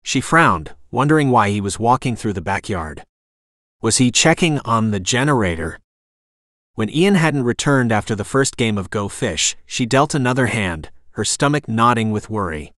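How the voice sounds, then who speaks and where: A man reading a romantic suspense novel aloud as an audiobook narrator, in a steady, even storytelling manner. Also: on the low side, normal speed, no room sound, clean studio sound. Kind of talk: scripted narration.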